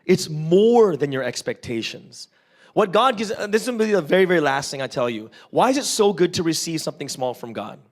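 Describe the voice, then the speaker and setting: A man's voice: on the high side, fairly quick. A man from Canada, preaching an interactive sermon. He tells stories with gusto, acts out small voices, puts questions to the congregation and keeps checking in with "right?". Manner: animated storytelling, constantly checks in with "right?". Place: church service.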